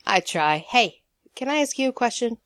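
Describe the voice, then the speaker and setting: A woman's voice: fairly high pitch, expressive, normal speed, fairly bright tone, no room sound, pitched above the performer's own voice. A woman voices a nervous, earnest young man on an awkward date, stammering through his words in a raised, eager voice. The storybook reading sits close and dry, with no room sound. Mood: hesitant.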